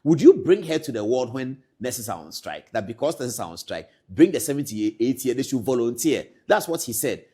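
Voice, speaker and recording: A man hosting a political talk show, speaking indignantly, his voice climbing to loud emphatic peaks and then dropping low. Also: slightly rough. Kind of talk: commentary to camera.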